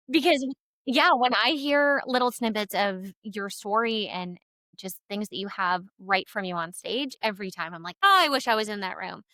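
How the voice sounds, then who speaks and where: Bright, upbeat woman podcast co-host. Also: mid-range voice, normal speed, no echo. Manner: warm, encouraging, upbeat. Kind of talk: casual interview chat.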